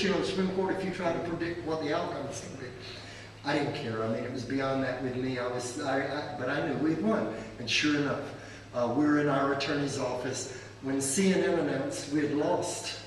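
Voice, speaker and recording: An older man and pastor, telling stories to an audience in an animated, anecdotal way with asides. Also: on the high side, brisk. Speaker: pastor and guest speaker. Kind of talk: storytelling talk to an audience. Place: church event hall. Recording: echoey hall, from far off, faint hiss.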